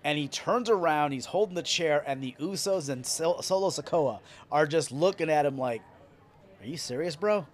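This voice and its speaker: A male podcast host excitedly recapping a wrestling event in casual, profane storytelling. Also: a little high, normal speed, few pauses.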